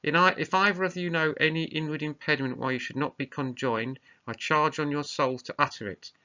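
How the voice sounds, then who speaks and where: A formal older friar asking the wedding questions, read aloud by a man. The lines are read plainly, with a bright tone. The recording is muffled and lo-fi. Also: a little high, fairly even intonation, a little fast, pitched above the performer's own voice. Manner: read aloud from a play script. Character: older male priest conducting a wedding, formal.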